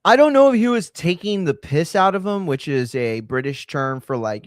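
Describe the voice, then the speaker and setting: A man's voice: on the high side, expressive, moderate pace, no echo. Sarcastic, profane male host. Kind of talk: reaction commentary.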